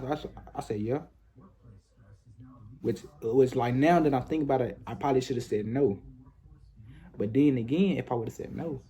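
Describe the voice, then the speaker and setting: A man's voice: medium pitch, warm tone. A young man in his twenties telling a casual, rambling story full of repetition and profane slang.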